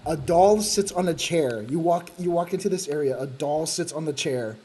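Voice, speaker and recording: A man's voice: fairly high pitch, normal speed, dark tone, slightly rough. Profane, laughing male game streamer. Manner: profane, rambling storyteller who laughs often. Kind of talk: casual gaming chat.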